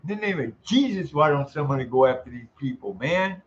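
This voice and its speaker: A man's voice: mid-range voice, expressive, brisk, hardly any pauses, highs cut off. A man venting in an angry, profanity-laced monologue, exasperated and repeating himself. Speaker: vlogger.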